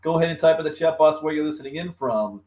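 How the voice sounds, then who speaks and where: A man's voice: on the high side, quick pace, darkish tone. A man from Los Angeles hosting a casual live stream about crypto. His mouth is numb from the dentist, so he talks with a slight lisp, and he greets viewers by name and chuckles often. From Los Angeles, California.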